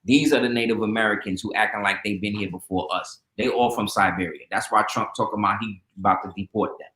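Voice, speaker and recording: Animated man telling stories, roomy sound. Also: on the low side, quick pace. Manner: animated storyteller, acts out quoted voices. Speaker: guest. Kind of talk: casual storytelling talk. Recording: roomy echo.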